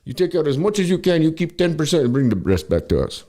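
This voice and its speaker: Guy doing a deadpan eastern european dude, broken english, pitched up higher. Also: fast. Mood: matter-of-fact.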